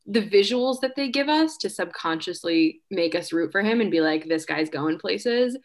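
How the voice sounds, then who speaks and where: A woman's voice: mid-range voice, normal speed. A woman co-hosting a casual podcast chat, wry and opinionated, rambling through her points. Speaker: podcast co-host.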